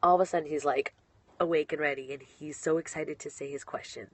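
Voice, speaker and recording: A woman's voice: low-pitched, steady tone, brisk. A young woman, a professional wrestler, chatting casually while answering online questions, bubbly and giggly and often trailing off mid-sentence.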